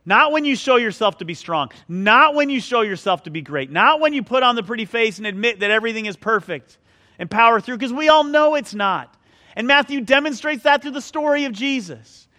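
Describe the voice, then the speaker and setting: A man's voice: extremely high pitch, expressive, a little fast, sharp tone. A middle-aged male pastor preaching a sermon, telling a self-mocking personal story in a conversational way.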